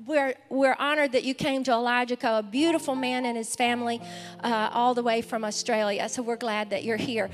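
Speaking briskly in a slightly high voice with fairly even intonation, this Southern-accented pastor greets visitors from the pulpit and calls out eagerly to her congregation. The live service in a large church sanctuary includes music and crowd noise, and her voice carries a long reverb tail.

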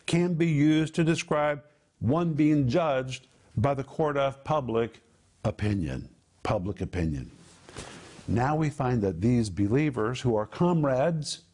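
A man teaching a sermon on scripture, emphatic and deliberate, dropping to low hushed tones to stress key words. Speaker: Bible teacher.

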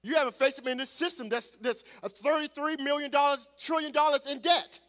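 Pastor guy preaching in church, real high bright voice, gets loud on the verses. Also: brisk. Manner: call-and-response preaching, swells loud on scripture. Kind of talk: preaching a sermon.

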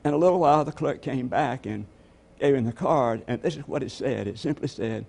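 A man's voice: medium pitch, a little fast, gravelly, darkish tone. A man preaching a sermon as pastor, telling stories and asking the congregation rhetorical questions.

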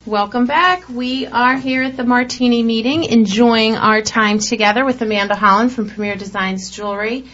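A woman's voice: a little high, steady tone, normal speed, few pauses, a bit bright. Woman, host, casual chat show, jokey, self-mocking, dull sound.

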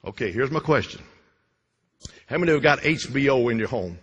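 Fervent preacher in a reverberant church. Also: male voice, mid-range voice, expressive, brisk, breathy edge, highs cut off. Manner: fervent, repetitive, with sudden loud bursts and drops. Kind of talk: Pentecostal-style sermon. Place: church sanctuary.

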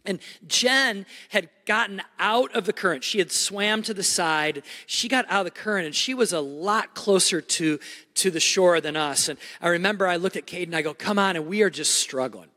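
Middle-aged male pastor, emphatic storyteller; bright, forward tone in a reverberant hall. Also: high voice, normal speed. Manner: animated, repetitive restarts, emphatic. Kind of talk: sermon storytelling.

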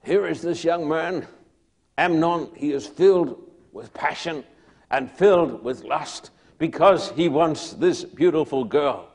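A man preaching a sermon, retelling a Bible story dramatically, dropping to a hush and then rising loud again. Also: fairly high pitch, husky.

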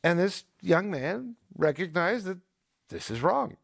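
Gravelly man telling an eager story. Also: high voice, measured pace, no room sound, clean studio sound. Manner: animated, emphatic storyteller with restarts. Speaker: co-host. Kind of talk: casual storytelling on a talk show.

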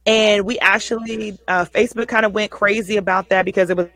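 A woman's voice: medium pitch, steady tone, a little fast, sharp tone, poor audio. A woman hosting a casual livestream show, chatty and folksy, often repeating herself.

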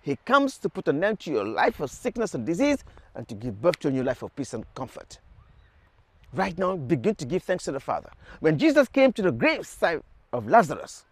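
A man's voice: fairly high pitch, huge pitch swings, fairly quick. A man leading a televised prayer sermon, urging viewers with fervent repeated calls. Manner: fervent, repetitive exhortations to the viewer. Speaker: preacher.

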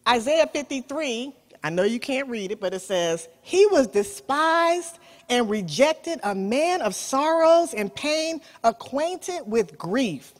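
A woman preaching with a drawl. Her voice sits high and leaps around in pitch, and she calls out to the congregation with folksy asides. She takes her time, stretching out her key lines and dropping some to a near hush. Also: lively intonation, slow. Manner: call-and-response preaching, folksy "y'all", swings from loud to soft. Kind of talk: sermon.

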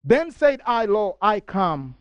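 A middle-aged man preaching a fervent sermon, reading scripture aloud and rising to near shouting. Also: high-pitched, big pitch swings, slow, clear, resonant tone, dry recording. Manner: reads scripture passages aloud.

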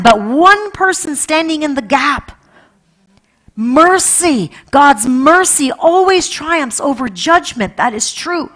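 Woman pastor, higher-pitched, impassioned sermon delivery with loud-soft swings. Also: lively intonation, takes it slowly. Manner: impassioned, repeats phrases, swings between loud and hushed.

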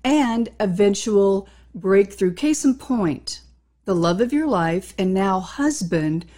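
A woman host introducing a guest's memoir and asking measured interview questions. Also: medium pitch, animated, warm tone. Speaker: talk show host.

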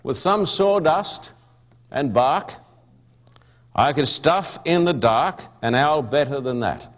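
A man's voice: fairly high pitch, animated, slow. A male preacher voicing a pompous young man who lectures indignantly about a badly stuffed owl. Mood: indignant lecturing. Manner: indignant, lecturing, know-it-all.

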